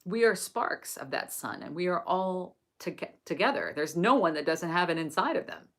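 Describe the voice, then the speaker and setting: A low-voiced woman from England leads a live book study. She reads aloud slowly, then chats with viewers in a soft, effusive way. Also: sing-song. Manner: gentle, effusive, greets viewers warmly. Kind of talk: reading scripture aloud, then live-stream chat.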